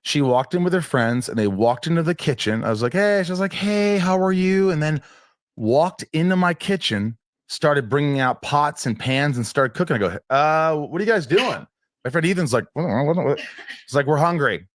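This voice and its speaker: A man's voice: on the high side, lively intonation, normal speed, no room sound, studio quality. A man telling a personal story in an interview, rambling and restarting often as he acts out what people said.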